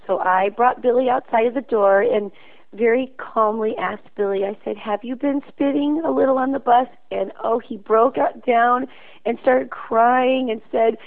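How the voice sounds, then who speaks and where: A woman's voice: a little high, moderate pace, gravelly. A school principal, a woman, calling in to tell a story in an earnest, conversational way. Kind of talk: phoned-in storytelling. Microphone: phone. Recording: tinny phone line.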